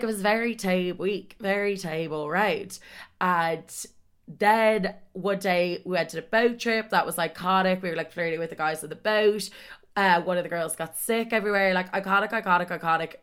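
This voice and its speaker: Young woman, chatty storyteller, lively and profane, voice on the low side. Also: smooth. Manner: animated, sweary, acts out quotes. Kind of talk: casual storytime chat.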